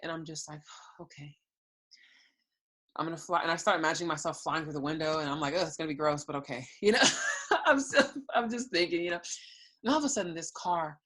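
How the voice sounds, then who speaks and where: Guest, young adult woman, low pitch with a sharp bright edge, earnest storyteller reliving her own words. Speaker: guest sharing her testimony. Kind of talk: emotional personal testimony.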